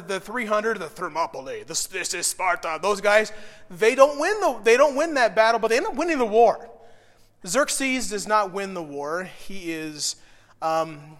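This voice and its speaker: A young man preaching a Bible lesson, emotional and animated, swinging from loud bursts to hushed asides. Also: sits high, big-room sound. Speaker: pastor. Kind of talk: sermon teaching.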